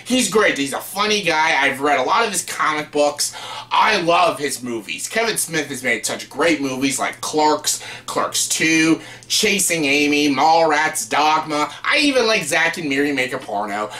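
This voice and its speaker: A young man from Canada giving a casual, blunt movie review, sarcastic and quick to swear. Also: fairly high pitch, expressive, bright, forceful tone.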